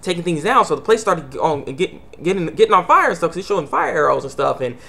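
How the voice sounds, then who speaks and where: A man's voice: a little high, sing-song, fast talker, gravelly, sharp tone. A man casually recapping an anime episode, rambling with many fillers and restarts. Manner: acts out characters' lines in quotes. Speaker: anime reviewer.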